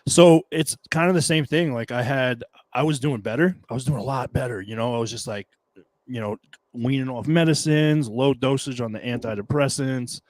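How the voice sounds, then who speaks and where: A man's voice: medium pitch, normal speed, no echo. Candid male podcast co-host, dry sound. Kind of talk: casual chat.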